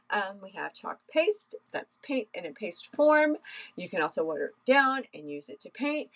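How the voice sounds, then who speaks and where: Craft livestream host, woman, unhurried and halting delivery, casual and heartfelt. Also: on the high side, rough recording. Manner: emotional, hesitant, many ums, soft laughs. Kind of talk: casual live-stream chat.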